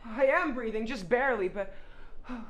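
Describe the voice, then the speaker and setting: A melodramatic older lady of the stage who wails over every loss, as a woman acts her out. She talks in a fairly high voice in a live comedy sketch, swinging from sobs to giggles in a theatrical, over-the-top way. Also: moderate pace, natural voice. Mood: theatrical grief. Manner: wailing, theatrical, laughing through lines. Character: flamboyant dramatic old woman in grief.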